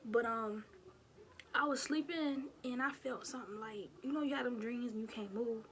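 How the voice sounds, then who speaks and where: A woman's voice: a little high, normal speed, slight background noise. Chatty young woman telling a story. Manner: chatty, animated, addresses viewers as y'all. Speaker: vlogger. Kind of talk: casual storytime.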